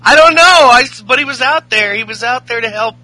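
A man with a high voice and a very bright, piercing tone, chatting on a podcast. He searches for details as he speaks, full of fillers and restarts. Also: brisk, rough recording. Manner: hesitant, filler-heavy recollection. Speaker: podcast co-host. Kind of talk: casual chat.

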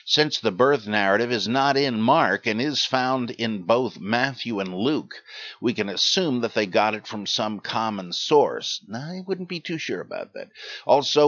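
A man's voice: fairly low pitch, a bit bright, dry recording. An older man hosting a podcast, reading out listener names and questions in a rambling way with dry asides and many hesitations. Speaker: podcast host. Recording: dull lo-fi recording.

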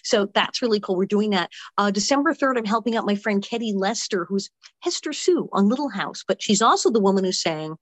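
A woman's voice: medium pitch, expressive, fairly quick, no room sound. A woman talking as an actress guest in a casual interview, chatty and upbeat.

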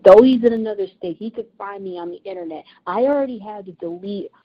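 Speaking fast at a medium pitch, a woman who hosts a podcast and writes delivers an emotional, earnest monologue about something painful she lived through. She repeats herself to drive points home, and the recording is dull and lo-fi.

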